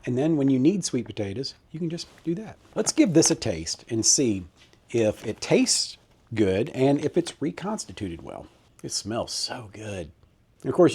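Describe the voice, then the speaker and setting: A man's voice: mid-range voice, big pitch swings, fast talker, warm tone, husky. Folksy man taste-testing food. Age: middle-aged. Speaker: cooking vlogger. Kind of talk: casual cooking vlog. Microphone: handheld camera mic.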